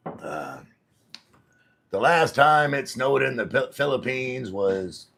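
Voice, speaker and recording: A man's voice: medium pitch, big pitch swings, slow, creaky, long pauses, a bit bright. A middle-aged man chatting casually on a live stream, reading viewers' messages aloud and answering them. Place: home in the Philippines.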